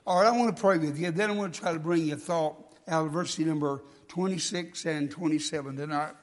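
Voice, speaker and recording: In a church sanctuary full of long reverb, a male guest preacher gives a folksy sermon, stumbling and restarting as he goes. His slightly high voice moves fairly quickly with few pauses, and he's congested and coughing from a cold.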